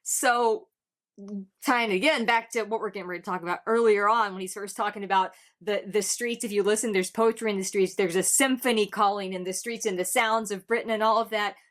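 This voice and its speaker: A woman hosting a music reaction video, talking in an earnest, gushing way, with halting restarts as she searches for words. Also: mid-range voice, fairly even intonation. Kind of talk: casual music reaction commentary.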